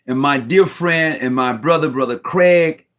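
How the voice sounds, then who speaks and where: Nearly in tears, a man appearing as a Mason guest on a live stream speaks over a video call from his room at home. His high, slightly bright voice moves a little slowly as he talks casually and emotionally, rambling, repeating himself and using slang with real feeling.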